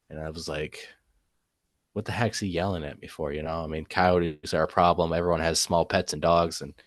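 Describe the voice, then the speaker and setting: A man's voice: deep voice, fairly bright tone, dry recording, studio quality. A man telling his own encounter story as a guest, rambling, with lots of fillers and trailing "and stuff". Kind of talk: casual storytelling.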